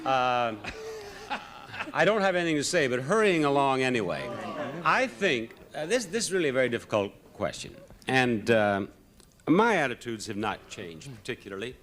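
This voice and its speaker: Bright-voiced man rambling on a game show. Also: medium pitch, sing-song, normal speed. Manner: rambling, hesitant, wry. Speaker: celebrity contestant.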